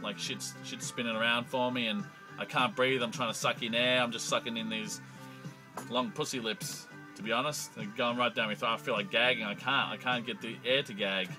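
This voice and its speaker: A man's voice: medium pitch, fairly even intonation, a little fast, music in the background, low-quality recording. A young Australian man telling a crude, profanity-laced comic story in a rambling monologue. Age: young adult.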